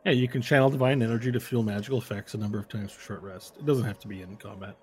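A man narrating as game master, casual and relaxed, with fillers. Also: fairly low pitch, racing, slight background noise.

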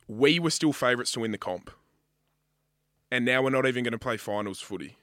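A man's voice: mid-range voice, lively intonation, brisk, a bit bright, no echo, clean studio sound. A young Australian man co-hosting a podcast, chatting casually and arguing his point with plenty of swearing. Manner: sweary, heated, emphatic. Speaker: podcast co-host. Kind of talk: casual chat.

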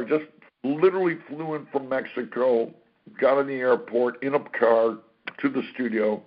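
A man telling a career story as an interview guest, animated, acting out what people said and swearing freely. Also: mid-range voice. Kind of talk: casual anecdote-telling. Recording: dull lo-fi recording.

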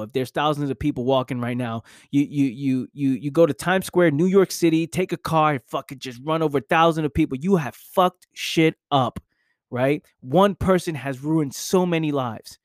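A man's voice: on the high side, no echo, studio quality. A young adult man giving an intense, profane motivational monologue, full of repetition and rhetorical questions. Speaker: motivational speaker.

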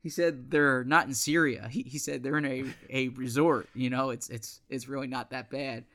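Bright-voiced man explaining football news. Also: mid-range voice, steady tone. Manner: measured, many restarts and fillers. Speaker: sports podcast co-host. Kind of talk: casual sports podcast chat.

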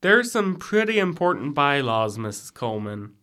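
A man's voice: a little high, big pitch swings, normal speed, bright, forceful tone. A young man acting a sarcastic frat brother in a college audio drama, with dry quips. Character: wry young male frat brother Jimmy. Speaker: student actor in audio drama.

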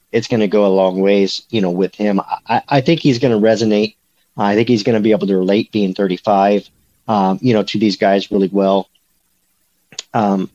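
On a casual sports podcast, a man who works as a recruiting beat reporter serves as co-host. His voice sits on the low side with a darkish tone, the audio sounds dull, and his speech meanders with many fillers and false starts.

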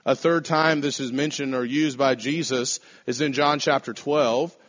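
Male preacher, mid-pitched, deliberate emphatic delivery with slowed stressed phrases; muffled lo-fi recording. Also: fairly even intonation, fairly bright tone. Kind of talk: sermon. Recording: dull lo-fi sound.

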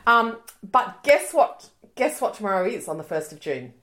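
A woman's voice: mid-range voice, big pitch swings, moderate pace, a bit bright. A woman in her forties co-hosts a casual podcast chat. Her voice rises and falls with a lot of movement as she spins stories. She laughs easily and slips into acted-out quotes of the people in her stories. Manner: chatty storyteller, laughs often, acts out quoted voices. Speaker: podcast co-host.

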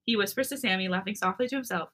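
A woman co-hosting a podcast, reading fan fiction aloud with expressive narration. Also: medium pitch, very fast.

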